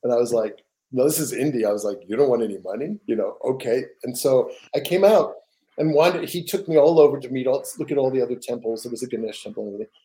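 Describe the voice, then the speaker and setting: An older man, a guest author, telling stories in a casual interview, animated and rambling with frequent restarts. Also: medium pitch, fast.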